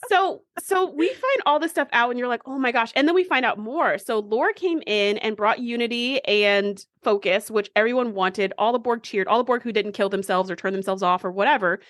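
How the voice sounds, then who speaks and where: A woman's voice: a little high, moderate pace, hardly any pauses, fairly bright tone, no room sound, clean studio sound. A woman co-hosting a podcast, casually recapping a TV episode and acting out the characters' lines. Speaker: podcast co-host.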